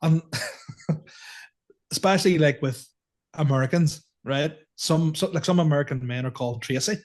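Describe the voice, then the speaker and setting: A man's voice: a little high, moderate pace, darkish tone. A man in his thirties co-hosting a podcast, rambling and self-mocking, laughing often in casual chat. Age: 30s. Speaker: podcast co-host.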